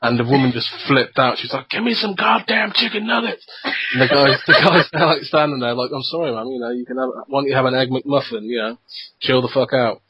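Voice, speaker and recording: A man's voice: mid-range voice, fairly even intonation, fast talker, a bit bright, slightly rough, no echo, low-quality recording. A young man co-hosting a casual podcast, a rambling storyteller who swears freely. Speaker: podcast co-host.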